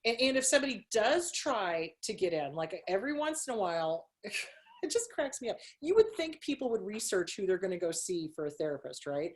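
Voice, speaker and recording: A woman's voice: medium pitch, sing-song, a little fast. A middle-aged woman therapist, a guest on a podcast, talking frankly and animatedly, swearing freely and laughing often. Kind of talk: candid interview chat.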